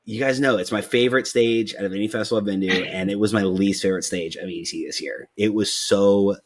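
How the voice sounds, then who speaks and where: A man's voice: fairly low pitch, steady tone, fast, noisy background. A young man hosting a podcast, chatting casually, rambling with lots of fillers and swearing freely. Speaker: podcast host. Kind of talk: casual chat.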